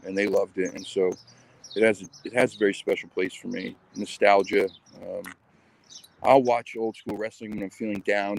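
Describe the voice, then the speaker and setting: A man with a fairly low voice talks in a loose, rambling way, full of ums and little asides, as he walks his dog outside. It has the feel of an unscripted live stream, and faint background noise with birds sits under his voice. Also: vocal fry. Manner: rambling, chatty, lots of ums. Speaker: channel host. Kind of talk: casual live-stream chat. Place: outdoors walking a dog.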